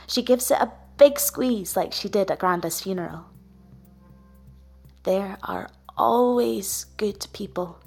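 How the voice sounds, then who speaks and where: A woman gently reading a first-person storybook as a child narrator. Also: medium pitch, husky. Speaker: audiobook reader.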